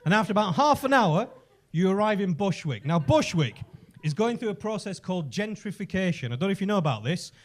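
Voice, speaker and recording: A man's voice: high-pitched, very animated, a little fast. A man doing a stand-up routine on a comedy club stage, telling stories with chatty asides. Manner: conversational storytelling with asides.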